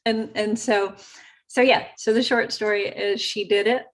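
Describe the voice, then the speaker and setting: Woman host telling a story, chatty and lively, middle-pitched voice. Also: unhurried. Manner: chatty, animated retelling with acted quotes. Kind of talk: casual storytelling.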